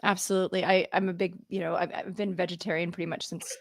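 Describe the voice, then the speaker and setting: A woman's voice: lowish voice, level tone, quick pace, gravelly, no room sound, clean studio sound. A woman hosting a podcast interview, chatty and casual, often restarting her sentences and laughing. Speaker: podcast host.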